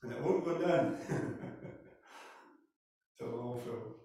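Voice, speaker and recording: A man with a Scottish accent preaching a sermon, retelling Bible stories with animated, conversational delivery. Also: mid-range voice, slow pace. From Scotland. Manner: animated storytelling, acting out Bible scenes. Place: church hall. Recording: echoey church hall from far off.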